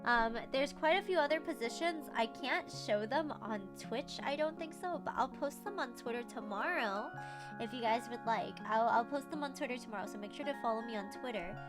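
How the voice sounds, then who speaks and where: A bubbly young woman streamer with a bright, high voice chats casually into her microphone. She giggles often and gushes over things, and music plays clearly behind her. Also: a little fast. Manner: bubbly, giggly, self-promoting. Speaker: livestreamer. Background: background music.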